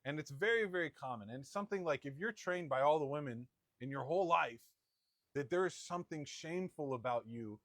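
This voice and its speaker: A middle-aged man preaching a sermon in a conversational storytelling manner, with quick asides. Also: on the high side, animated, a bit bright, no echo, studio quality. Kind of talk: sermon with personal anecdote.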